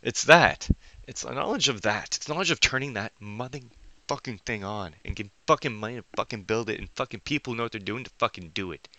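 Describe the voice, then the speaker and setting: A man's voice: medium pitch, brisk, pushed and bright, dry recording. A man rambling through a monologue, swearing heavily and breaking off his sentences as he thinks aloud. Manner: profane, restless, thinking aloud; self-interrupting, trails off mid-sentence. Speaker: vlogger.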